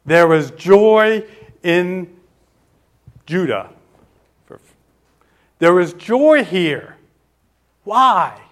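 In a high-pitched, sing-song voice, a male preacher raises questions for his listeners and answers them on his own, easing his pace to stress the key words.

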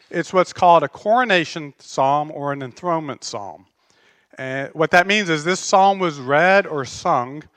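A man preaching a sermon as pastor, conversational and animated, telling stories with self-deprecating humor. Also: on the high side, no echo, studio quality.

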